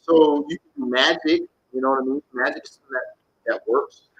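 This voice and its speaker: A man's voice: medium pitch, fairly even intonation, a little fast, a bit bright, highs cut off, slight background noise. A man giving live tarot readings to viewers, talking bluntly, animatedly and with casual swearing. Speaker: tarot reader.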